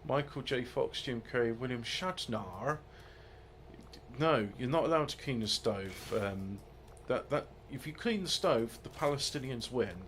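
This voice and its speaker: A man's voice: medium pitch, expressive, unhurried, a bit bright, slight background noise. A man giving rambling, joking let's-play commentary, muttering asides and mocking himself as he sets up his game. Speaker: gaming video host.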